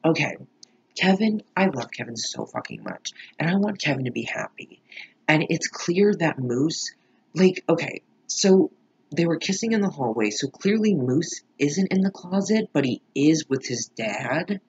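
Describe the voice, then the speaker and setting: Gravelly husky man ranting. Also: fairly high pitch, very animated, measured pace, highs cut off. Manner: profane, rambling, emphatic. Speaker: show reaction vlogger. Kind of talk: casual reaction commentary.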